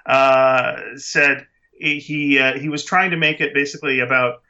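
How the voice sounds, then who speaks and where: A man's voice: mid-range voice, fairly even intonation, unhurried, sharp tone, lo-fi sound. A man co-hosting a podcast, chatting casually about a movie in a rambling, emphatic way full of restarts. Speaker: podcast co-host. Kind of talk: casual movie review chat.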